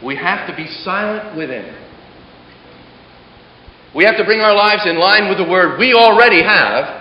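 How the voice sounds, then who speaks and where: A man preaching a sermon to a congregation, building to dramatic emphasis and then dropping to a hush. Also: high voice. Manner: dramatic, swelling emphasis and sudden hushed drops. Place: large hall before a congregation. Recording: echoey hall, muffled, faint hiss.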